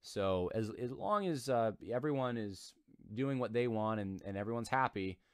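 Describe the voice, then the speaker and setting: A man's voice: mid-range voice, moderate pace, clear, resonant tone, no room sound, studio quality. A man hosting his own commentary show, reading aloud from an article and breaking in with emphatic, repetitive remarks. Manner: animated, emphatic, repeats himself. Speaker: commentary channel host.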